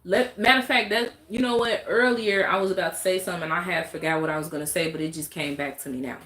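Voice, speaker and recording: A woman's voice: fairly low pitch, fairly even intonation, fast, fairly bright tone. A woman streaming live, talking in a blunt, exasperated, rambling way to her viewers. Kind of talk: casual live-stream rant. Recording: roomy echo.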